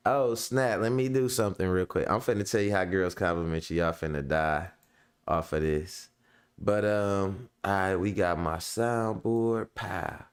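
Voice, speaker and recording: A middle-aged show host delivers a casual monologue to a live audience, laid-back and slangy, laughing often and repeating "you know what I'm saying." His deep voice is clear and resonant, and he speaks a little slowly.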